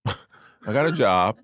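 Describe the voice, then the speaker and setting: A man, a comedian, telling stories in a casual chat, animated and often laughing. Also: fairly low pitch, slow, dry recording. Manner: animated storyteller, acts out quotes, laughs often. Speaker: comedian guest.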